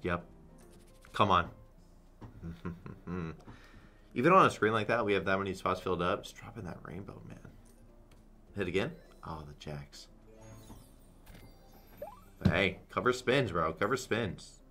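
Casting: young male streamer, deep voice, hype slot commentary, faint music behind. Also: unhurried, long pauses. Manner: excitable, swears a lot, chants "come on". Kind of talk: live gambling commentary.

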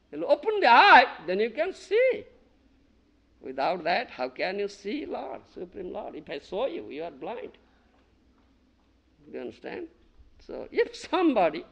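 A man's voice: sits high, gravelly, a bit bright. A man from India giving a devotional lecture, emphatic and questioning, often asking his listeners if they understand and chanting verses, in a 1990 archive recording. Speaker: spiritual teacher giving a lecture. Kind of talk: devotional lecture to a small gathering.

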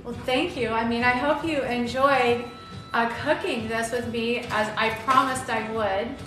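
A woman's voice: on the high side, fairly even intonation, unhurried. A woman from Arizona and Maui chatting casually and flirtatiously as she cooks on a live stream, greeting viewers by name. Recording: echoey room with loud background music.

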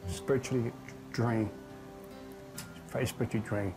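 A man's voice: mid-range voice, steady tone, normal speed. A man giving an earnest, dramatic personal testimony about his past. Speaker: testimony speaker. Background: music.

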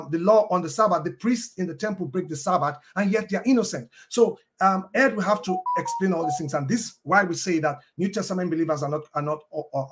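High-voiced hesitant male debater. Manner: halting, with many ums and uhs and restarts. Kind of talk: debate argument quoting scripture.

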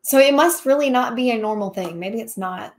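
A woman's voice: on the high side, brisk. A woman, chatting casually while hosting a live question-and-answer stream and laughing often. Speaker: livestream host, craft seller.

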